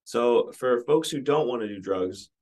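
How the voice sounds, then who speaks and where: A man hosting a podcast, chatting in a relaxed, conversational way. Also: mid-range voice, measured pace.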